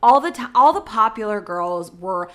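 A woman's voice: medium pitch, lively intonation, moderate pace. A young woman co-hosting a podcast, chatting casually and repeating words for comic emphasis. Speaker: podcast co-host. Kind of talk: casual chat.

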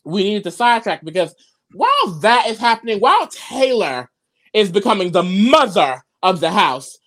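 A woman co-hosting a podcast recaps a story casually, full of gossip, swearing and acted-out quotes. Her mid-range voice moves at normal speed, animated and profane.

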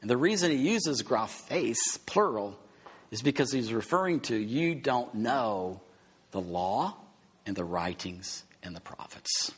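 Male preacher, husky, emphatic teacher, big reverberant hall. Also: medium pitch, expressive, takes it slowly. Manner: emphatic teaching with rhetorical questions. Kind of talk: sermon.

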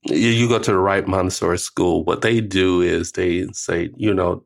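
An older man and grandfather co-hosting a casual talk show, telling stories with laughs and acting out what others said, in a relaxed slangy way. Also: low-pitched, moderate pace, vocal fry. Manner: animated storyteller, acts out quotes with laughs; uses casual slang like finna and ain't. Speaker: podcast co-host. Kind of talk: casual chat.

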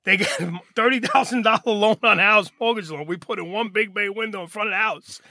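A man's voice: high voice, fast talker, dry recording, studio quality. A middle-aged man telling blunt stories from his past in a casual podcast chat, acting out the voices of the people in them. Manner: animated storyteller, acts out quoted voices, swears freely. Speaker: podcast guest.

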